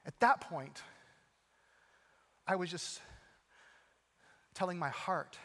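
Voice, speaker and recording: Middle-aged male pastor, earnest storyteller, slightly high voice, big hall reverb. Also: fairly even intonation, slow pace, long pauses. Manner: earnest storytelling, swings from urgent to hushed. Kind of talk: sermon with personal story.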